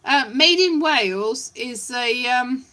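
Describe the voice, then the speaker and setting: A woman chats on a live stream, rambling and scatterbrained as she greets viewers. Her voice is high and bright, and it swings up and down a lot. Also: expressive, slow. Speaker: livestreamer. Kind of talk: casual live-stream chat.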